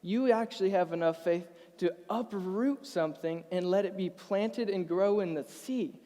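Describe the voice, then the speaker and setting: A young man with a high voice preaches to his church, earnest and emotional, often stumbling over his words and laughing lightly. His voice rings with the long reverb of a large church hall. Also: normal speed, warm tone. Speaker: pastor. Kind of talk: sermon with personal story.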